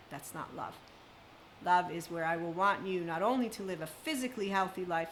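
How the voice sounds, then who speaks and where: A woman's voice: mid-range voice, fairly bright tone, a little hiss or hum, low-quality recording. A woman speaking as a spiritual self-help speaker, talking emphatically in long run-on sentences in an unscripted monologue.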